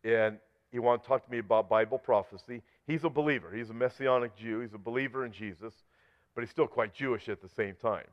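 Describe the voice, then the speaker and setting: A man teaching on Bible prophecy in an earnest sermon style, getting louder and more forceful when he reads scripture aloud. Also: mid-range voice, brisk. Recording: slightly dull lo-fi audio.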